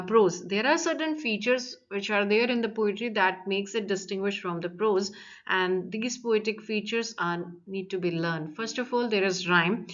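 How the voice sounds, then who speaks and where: A woman teaching a lecture on poetry, talking in a halting way with frequent fillers and restarts. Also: medium pitch, a bit bright, muffled recording.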